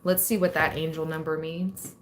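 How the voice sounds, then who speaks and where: Calm low-voiced woman tarot reader. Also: normal speed, slight background noise. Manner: calm and reflective, reading card meanings aloud. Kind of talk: casual tarot reading for viewers.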